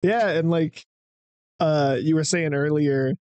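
Casting: male co-host, slightly higher voice, doubtful and casual, dry close sound. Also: steady tone, slow, darkish tone, no room sound. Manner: skeptical, casual, repeats himself with filler. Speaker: podcast co-host. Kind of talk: casual movie podcast chat.

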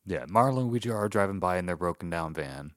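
Low-voiced male podcast co-host, sarcastic plot recapper, dry close sound. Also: lively intonation, fast talker, no room sound. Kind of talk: casual comedic movie review chat.

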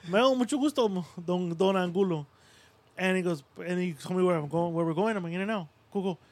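This podcast co-host from Puerto Rico is a man in his thirties with a high, darkish voice who talks fast. He swaps crude stories over casual conversation, swearing constantly and mimicking the people he quotes.

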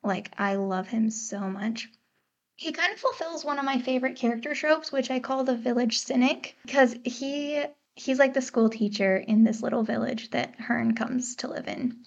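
On a dull lo-fi podcast mic, an American woman with a fairly high, gravelly voice speaks at a normal speed. She co-hosts a book podcast, chatting casually, laughing a lot, and sounding unsure about how to pronounce things.

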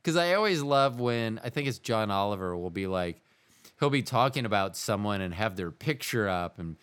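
A man's voice: on the low side, animated, normal speed, a bit bright, clean tone. A man co-hosting a podcast, chatting casually in a rambling, jokey way that runs off on tangents. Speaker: podcast co-host.

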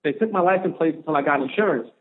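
Guy telling a story on a podcast, kinda high voice, acts out all the quotes, sounds like a phone call. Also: rapid-fire. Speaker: podcast guest, former pro football player. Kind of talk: storytelling interview. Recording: narrow phone-like audio.

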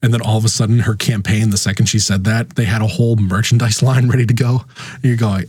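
A man's voice: lowish voice, steady tone, quick pace, darkish tone, breathy edge, no room sound. A man talking casually about politics, acting out quoted people with big jumps in his voice.

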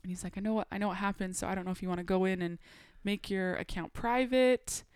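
A young adult woman on a podcast telling a personal story in a casual, animated way. She laughs often and acts out the dialogue she quotes. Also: mid-range voice, quick pace, clear, resonant tone, no room sound, clean studio sound. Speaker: podcast guest.

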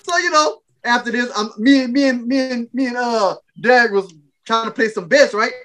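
A man hosting a casual podcast, telling a rowdy story with loud animated bursts and laughter. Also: very high voice, moderate pace. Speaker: podcast host.

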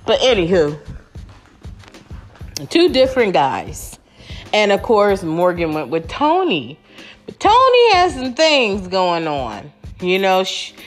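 Here the reality-show recapper has a mid-range, sing-song voice and speaks a little slowly over faint background music. She rambles casually to her audience as y'all, stopping and restarting with plenty of fillers.

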